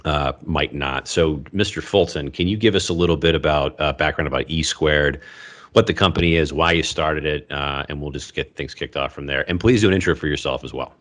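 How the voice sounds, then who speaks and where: A man hosting a business podcast, chatting casually in a relaxed, joking way with frequent fillers. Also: extremely low pitch, a little fast. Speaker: podcast host.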